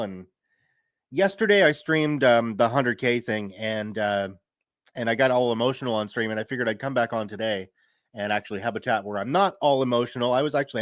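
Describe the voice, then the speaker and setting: A man's voice: mid-range voice, dry recording, clean studio sound. A man in his thirties chatting casually on a live stream, reading viewer comments aloud and laughing easily. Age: 30s. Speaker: streamer and story reader.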